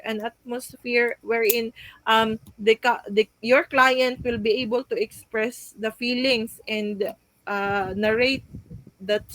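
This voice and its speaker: A woman's voice: fairly high pitch, fairly bright tone, no room sound, low-quality recording. A young woman giving a class report, hesitant, with frequent fillers and restarts as she reads out points. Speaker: student presenting a class report.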